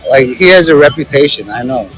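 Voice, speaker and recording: A man's voice: medium pitch, expressive, brisk, fairly bright tone, faint music behind, poor audio. A man vlogging on a city plaza outdoors, rambling and joking into a handheld phone. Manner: rambling and joking, many fillers. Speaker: street vlogger. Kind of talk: casual walking commentary.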